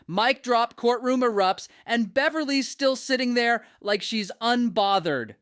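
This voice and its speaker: A woman's voice: on the high side, animated, measured pace, few pauses, a bit bright, dry recording, studio quality. A woman narrating a true crime story in a flippant, wisecracking scripted style.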